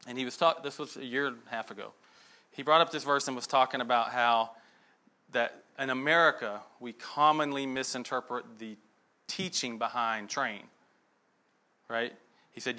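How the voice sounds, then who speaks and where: A man's voice: medium pitch, fairly quick, bright, forceful tone. A middle-aged man giving a conversational sermon, telling stories and checking in with frequent asides to the listeners.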